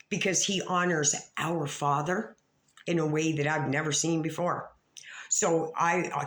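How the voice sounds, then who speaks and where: Calling out other creators, a woman vlogger rants profanely and rambles, with stammers and restarts. Her delivery lurches from low muttering to sharp outbursts in an echoey room.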